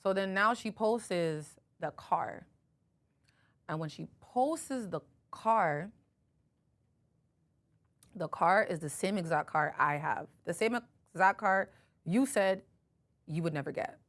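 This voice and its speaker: A woman's voice: fairly low pitch, slow pace, pauses often. Woman podcaster rambling through a story, says like a lot, does both sides of the convo. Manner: animated storyteller, acting out both sides of a conversation, frequent "like". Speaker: podcast host. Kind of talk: casual storytelling chat.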